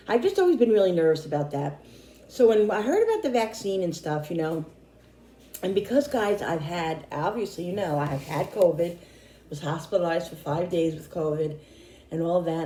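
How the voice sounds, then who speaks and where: A middle-aged woman vlogger chatting casually to camera, rambling and repeating herself, slightly hoarse and tired. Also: fairly low pitch, lively intonation, moderate pace, mellow. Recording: echoey room.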